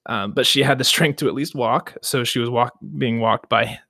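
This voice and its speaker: A man's voice: medium pitch, steady tone, moderate pace, creaky, pushed and bright, no room sound, studio quality. A young man co-hosting a casual book podcast, retelling the plot with mock quotes and laughs. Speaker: podcast co-host.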